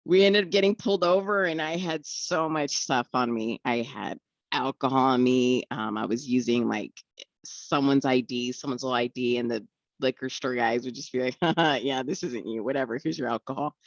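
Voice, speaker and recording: A woman's voice: very deep voice, steady tone, normal speed, no room sound, highs cut off. A young woman tells her recovery story in a candid way, acting out the voices of the people she quotes and often laughing.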